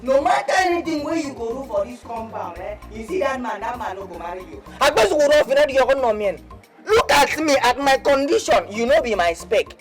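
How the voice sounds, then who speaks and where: A woman's voice: fairly high pitch, lively intonation, fairly quick, natural voice. An actress playing a nosy neighbor woman who taunts in Nigerian Pidgin with a brash, mocking manner. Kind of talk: film drama acting. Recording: roomy sound from far off, with music.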